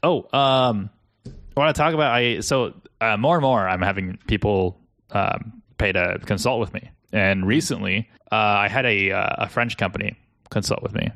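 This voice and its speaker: A man's voice: lowish voice, fairly even intonation, moderate pace, gravelly, fairly bright tone, dry recording. An American man co-hosting a business podcast, chatting in a rambling, self-deprecating way and laughing often. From United States. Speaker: agency co-host. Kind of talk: casual podcast chat.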